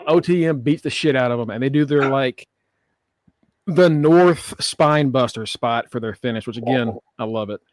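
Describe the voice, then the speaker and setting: A man hosting a casual podcast, recapping wrestling with animated, profane storytelling and frequent laughter. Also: mid-range voice, moderate pace. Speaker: podcast host.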